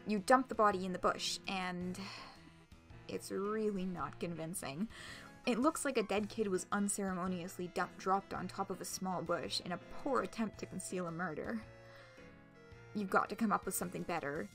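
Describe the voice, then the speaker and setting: A woman streamer reading a visual novel aloud, expressive, laughing often and swearing casually. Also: medium pitch, moderate pace, soft background music.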